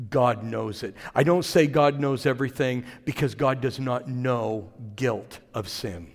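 A man's voice: mid-range voice, darkish tone. A man preaching a sermon as pastor, talking in a conversational way with asides to the congregation. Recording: long reverb of a large hall.

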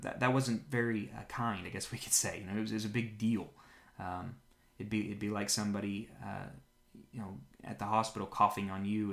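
A man hosting a daily Bible reading podcast, reading scripture aloud and adding earnest, unhurried devotional comments with some fillers and restarts. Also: lowish voice, vocal fry, reverberant. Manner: unhurried, earnest, with frequent fillers and restarts in his own remarks.

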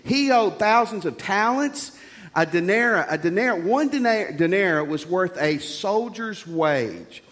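A man preaching a sermon as a pastor, folksy and animated, with jokes and rhetorical questions. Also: high voice, measured pace. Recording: long reverb of a large hall.

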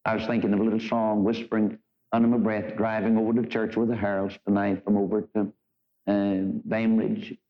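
A man's voice: on the low side, little pitch movement, brisk. Old-time preacher man going hard in church, fiery and emphatic, muffled lo-fi tape sound. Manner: emphatic, fiery preaching that swings between quoted scripture and blunt talk. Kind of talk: fervent revival sermon. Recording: dull lo-fi archival sermon recording.

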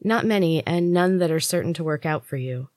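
Woman doing a secretive servant girl, talks fast and low, dry close sound. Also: dry recording, lightly acted. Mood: frustrated. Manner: hushed and hurried. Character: young female servant, secretive, urgent, warning.

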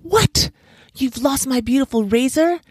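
A woman's voice: lowish voice, lively intonation, moderate pace, creaky, a little mellow, no room sound, studio quality. A woman voicing a greedy, grumbling male monkey who squeals his demands and puts on false politeness. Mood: angry.

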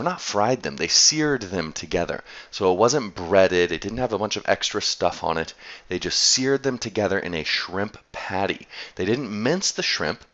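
A man's voice: lowish voice, fairly bright tone, muffled recording. A man telling a travel story in a casual, chatty way, laughing often as he goes.

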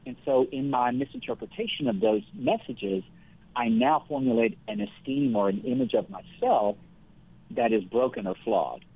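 A man speaking as the guest counselor in a conversational interview, explaining things earnestly and in a measured way, with everyday examples. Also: mid-range voice, lively intonation, gravelly, husky, no echo. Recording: phone-like thin line.

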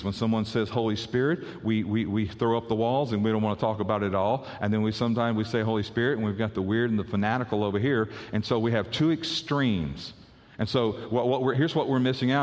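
A man's voice: on the low side, long reverb tail. A male pastor preaching a conversational sermon, often repeating words as he restarts his sentences.

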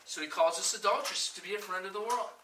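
A woman preaches emphatically in a fast, slightly bright mid-range voice, questioning the room and acting out the voices she quotes. She is off-mic and distant in an echoey room, with a little hiss or hum in the recording.

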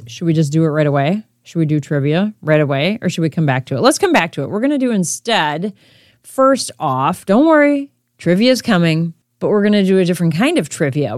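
Lively low-voiced woman podcast host. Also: no echo, clean studio sound. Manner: chatty, talks straight to the listener. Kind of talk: casual quiz podcast chat.

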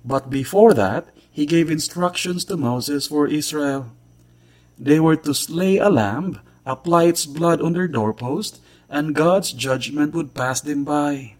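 Earnest man reading a short sermon. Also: on the high side. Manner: measured, earnest scripture reading. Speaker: gospel preacher.

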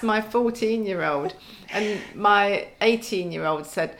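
A woman's voice: mid-range voice, expressive, moderate pace, hardly any pauses. Wry woman laughing through her story. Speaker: podcast guest. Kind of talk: casual chat.

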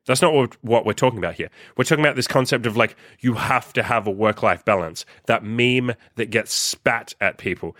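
A man's voice: medium pitch, brisk, hardly any pauses, a bit bright, no echo, studio quality. A young man hosting his own podcast, ranting bluntly and profanely as he scolds listeners. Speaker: podcast host and coach. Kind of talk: ranting solo podcast monologue.

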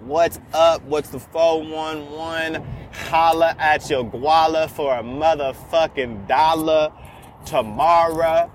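A man's voice: a little high, fairly even intonation, slow, slight background noise. A man in his twenties talking casually while driving, rambling and joking with constant profanity. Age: 20s. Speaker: vlogger. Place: in a car on city streets.

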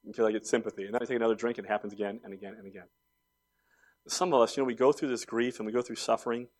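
A man's voice: on the low side, steady tone, racing, a little mellow. A man in his forties preaching a sermon, telling stories conversationally and building to emphatic points. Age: 40s. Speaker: pastor.

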